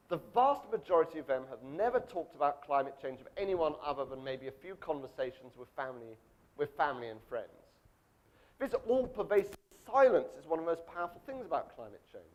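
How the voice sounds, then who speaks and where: Man, guest lecturer, university talk, conversational, restarts sentences, somewhat high-pitched. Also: poor audio. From Europe. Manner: conversational, with frequent restarts and asides.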